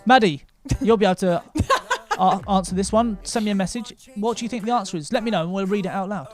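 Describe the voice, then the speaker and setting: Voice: medium pitch, fast. Joking quiz host, faint music behind. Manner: teasing, joking quizmaster. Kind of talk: casual livestream quiz hosting.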